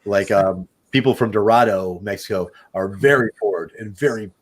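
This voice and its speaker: A man's voice: lowish voice, normal speed. A man with a Midwestern American accent chatting casually as a podcast host, rambling, swearing and saying "dude". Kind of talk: casual chat.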